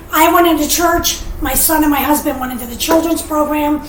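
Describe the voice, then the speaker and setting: A woman giving an earnest, emotional personal testimony as a podcast guest, animated and sometimes tearful. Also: sits high, fairly quick, hardly any pauses. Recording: roomy, distant mic, faint noise.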